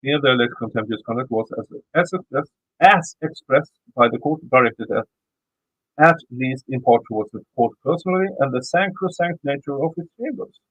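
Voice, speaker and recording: A man's voice: medium pitch, expressive, normal speed, a bit bright, breathy edge, no room sound, lo-fi sound. Swedish-accented man reading legal text. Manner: stumbling, repeats words while reading. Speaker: YouTube commentator. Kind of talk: reading a legal motion aloud with commentary.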